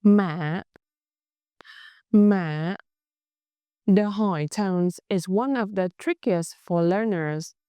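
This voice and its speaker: A young woman with a Vietnamese accent teaching a language lesson, speaking slowly and carefully and drawing out words to show how they sound. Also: medium pitch, dark tone, smooth, no room sound, studio quality. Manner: slow, careful, exaggerated tone demonstrations.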